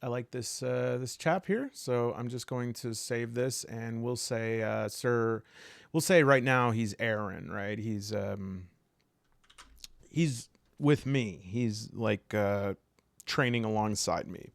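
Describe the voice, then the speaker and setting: A man playing a tabletop game by himself, talking casually and rambling with humorous asides. His voice is gravelly and his pace is slow. The sound is dry and close. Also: mid-range voice, no echo. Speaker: solo tabletop game player.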